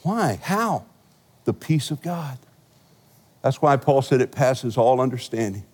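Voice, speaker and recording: Animated male pastor preaching in a hall. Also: mid-range voice, a little slow, breathy edge. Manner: animated, humorous storytelling with big swings in loudness. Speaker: senior pastor. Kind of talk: sermon. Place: large church sanctuary.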